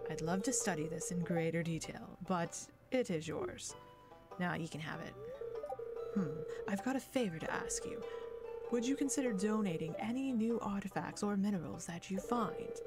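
A woman's voice: fairly low pitch, natural voice. A woman voicing a fussy, scholarly old male museum curator in a game, with a put-on Southern accent and game music behind her. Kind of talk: reading game dialogue aloud in a put-on voice.

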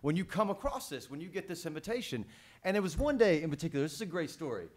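Speaking fast in a voice on the high side, a male panelist at a press conference recounts an acting story. He's animated, cursing and repeating himself as he goes.

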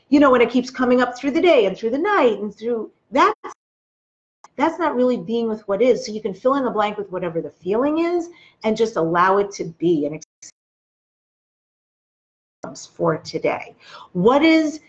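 A woman's voice: a little high, expressive, normal speed, lo-fi sound. A woman hosting a spiritual self-help video, talking earnestly to her viewers and coaching them through their feelings. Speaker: host. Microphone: webcam or phone video.

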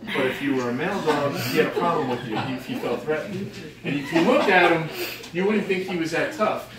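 A man's voice: fairly high pitch, fairly quick. Guy cussing and cracking up telling dog stories, far from the mic, people around. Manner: profane, laughing, rambling. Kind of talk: casual storytelling tribute. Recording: very echoey, off-mic, crowd behind.

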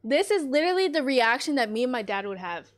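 A woman's voice: sits high, sing-song, fast. A young woman doing blunt, slangy reaction commentary on a video. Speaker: reaction vlogger.

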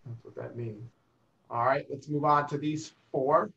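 A man's voice: a little high, measured pace, a bit bright, highs cut off. A man leading a casual group lesson, explaining meanings patiently and repeating phrases. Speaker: Italian teacher.

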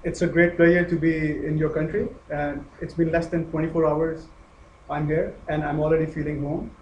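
A man's voice: a little high, level tone, a little mellow, muffled recording. Pakistani-accented man lecturing in echoey hall. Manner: measured, with frequent uh fillers and restarts. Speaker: guest lecturer. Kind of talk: academic lecture. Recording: echoey hall with faint noise.

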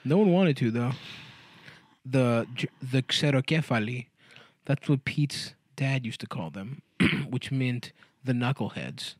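A man's voice: mid-range voice, expressive, unhurried, no echo, studio quality. A man co-hosting a comedy podcast, telling rambling anecdotes in casual chat and laughing often. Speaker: podcast co-host.

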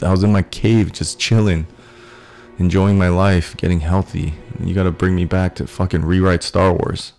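Guy with a real low gravelly voice, swearing nonstop, rambling and getting all fired up. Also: moderate pace, soft background music. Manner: profane, rambling, builds to shouting excitement. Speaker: vlogger. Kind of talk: excited casual rant.

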